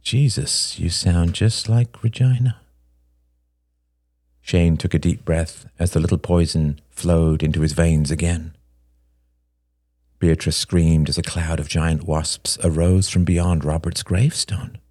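A man narrating a story in a slow, solemn, measured way. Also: extremely low pitch, little pitch movement, mellow, dry recording, studio quality. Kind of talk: storybook reading.

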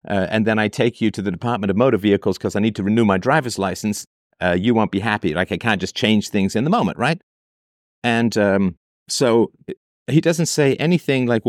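A host with a lowish voice and brisk delivery reacts to a listener's letter from a parent. He reads it out, then pushes back argumentatively with rhetorical questions and mocking impressions of quoted voices. The studio sound is clean and dry.

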